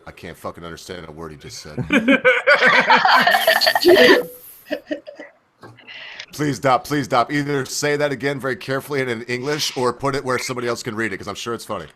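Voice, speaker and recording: A man hosting a casual joke-swapping chat, loud and profane and often laughing. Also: mid-range voice, animated, very fast, hardly any pauses. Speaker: host.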